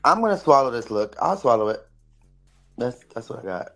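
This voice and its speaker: A man's voice: medium pitch, big pitch swings, fairly quick, gravelly, a bit bright. A man co-hosting a podcast, giving blunt, terse verdicts in casual recap chat. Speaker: podcast co-host.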